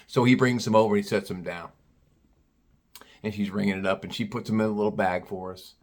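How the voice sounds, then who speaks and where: A man's voice: on the low side, fairly even intonation, brisk, pauses often. A man from Ohio telling a casual story, rambling and repeating himself, with the odd curse word. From Cincinnati, Ohio.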